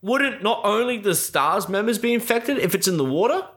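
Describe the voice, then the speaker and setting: A man's voice: high voice, expressive, normal speed, fairly bright tone. A man in a casual, exasperated movie recap rant, swearing a lot and saying "like" constantly. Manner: exasperated, profane, full of filler likes.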